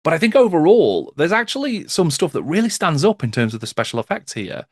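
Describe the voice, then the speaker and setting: A man's voice: a little high, sing-song, brisk, dry recording, clean studio sound. A man guesting on a film podcast, talking thoughtfully with frequent restarts. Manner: thoughtful, with many restarts and "you know"s. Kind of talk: casual film podcast chat.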